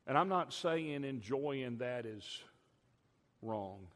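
An older man preaching a sermon as a pastor, emphatic, drawing out key words slowly. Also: mid-range voice, expressive. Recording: long hall reverb.

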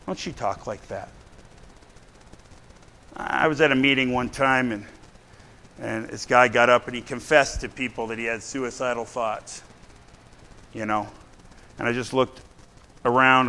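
Speaking at a steady, moderate pace with long pauses, this man has a medium-pitched voice with a sharp edge. He preaches bluntly and conversationally in a church with a responsive congregation, frequently tossing out "right?" to engage them.

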